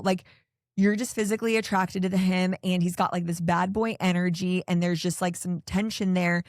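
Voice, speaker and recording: This podcast host's fairly low voice is heard in studio quality with no echo. Her casual reality TV recap turns into exasperated, opinionated ranting that rambles, peppered with "like" and "I don't know."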